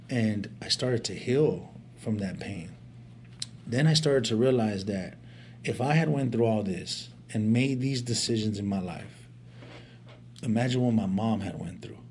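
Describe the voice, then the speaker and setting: A man with a fairly low voice tells his personal story in an earnest, heartfelt way. His speech is casual and full of slang, with stammered restarts along the way. A faint hiss sits under the recording. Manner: uses casual street slang. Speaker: speaker sharing his life story.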